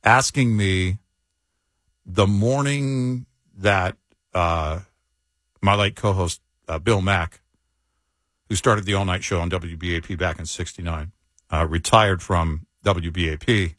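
Low-voiced wry radio co-host man. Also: takes it slowly, pauses often, fairly bright tone, no echo. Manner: wry, dry humor. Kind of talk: casual chat.

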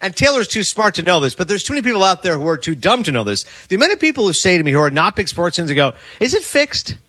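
A man in his forties hosting sports talk radio, arguing back with incredulous, rapid rebuttals. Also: sits high, sing-song, fairly bright tone, no echo. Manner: incredulous, argumentative, quick rebuttals.

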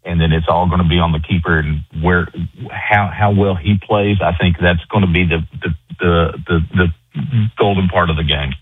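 Deep husky man on a phone line. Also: dry recording. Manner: halting, repeats words. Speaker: radio caller. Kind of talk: casual call-in chat.

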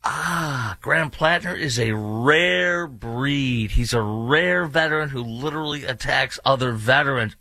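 A man's voice: mid-range voice, unhurried, hardly any pauses, bright, forceful tone, dry recording. A man hosting an opinionated talk show, sarcastic and mocking, with rambling asides. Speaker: political commentary host. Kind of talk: opinionated talk radio commentary.

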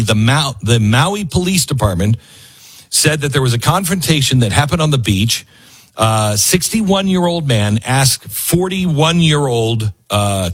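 Husky man in sarcastic news commentary. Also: medium pitch. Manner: sarcastic, acts out quoted people.

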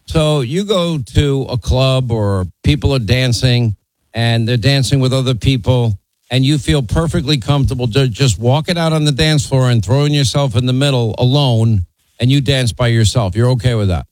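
A man's voice: mid-range voice, normal speed, darkish tone, dry recording, low-quality recording. A man hosting a call-in talk radio show, blunt and opinionated.

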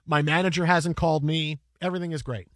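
A man with a fairly high voice tells a story at a rapid clip, stumbling and restarting as he goes. The sound is dry and close. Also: steady tone, no room sound. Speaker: podcast host and broadcaster. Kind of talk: casual storytelling chat.

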